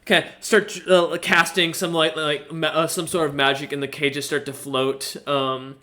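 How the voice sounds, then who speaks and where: A man's voice: on the high side, little pitch movement, moderate pace, bright, forceful tone. A man narrating as game master of a tabletop game, rambling with many fillers and restarts.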